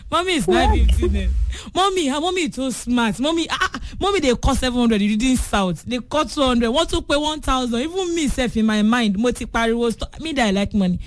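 A Nigerian woman hosting a lively call-in radio game show, switching between English and Yoruba and teasing her callers. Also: on the high side, brisk, no echo. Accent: Nigerian, Yoruba-speaking.

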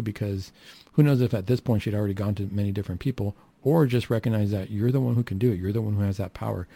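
A man's voice: fairly low pitch, vocal fry, dark tone, no room sound. A man preaching a sermon who acts out the quoted lines of the people in the story and asks the listeners questions.

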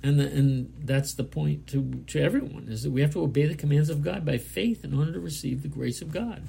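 A man delivers a sermon, reading verses and then explaining them in plain, earnest words. His voice sits a little high but is dark and mellow, with a heavy gravelly fry. He often restarts his sentences as he works through each thought. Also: a little fast, slight background noise. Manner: earnest, plainspoken, with frequent restarts and "you know". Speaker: preacher.

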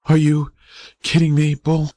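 A man reading the part of a frail, dying young boy who speaks in soft, halting whispers. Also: fairly high pitch, completely flat delivery, dry recording, studio quality, voice pushed up, lightly acted. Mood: weak, tender. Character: dying young boy, weak, brave, faintly cocky.

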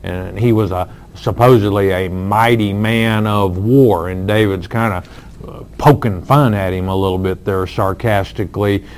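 A man's voice: lowish voice, fairly even intonation, a little mellow, clear, resonant tone. A man preaching a sermon, explaining scripture in an earnest way with frequent fillers. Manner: earnest, slow, with fillers and emphatic lines. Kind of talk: expository sermon.

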